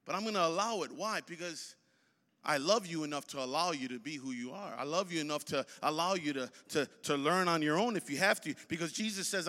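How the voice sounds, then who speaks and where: Brief: man in his 40s, pastor preaching, higher voice, reverberant hall. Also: lively intonation, a little fast, bright, forceful tone. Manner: preaching with rising emphasis and repetition. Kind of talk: sermon.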